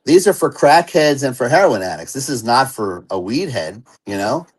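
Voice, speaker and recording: A man who is an interview guest, telling his personal recovery story in an earnest and animated way. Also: mid-range voice, moderate pace, slightly rough, low-quality recording.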